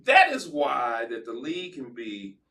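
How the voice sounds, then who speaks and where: A former football player, speaking as a guest in a casual interview, sounds enthusiastic and affirming and often repeats himself. His mid-range voice swoops wildly in pitch and comes across pushed and bright at a measured pace, recorded far from the mic.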